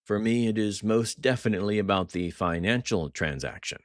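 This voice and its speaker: Voiced by a man in a higher register, a middle-aged French crime boss gloats with dripping mock warmth. He sounds theatrical and pleased with his own cruelty. The audiobook sound is close and dry. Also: normal speed, no room sound, lightly acted. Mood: gloating.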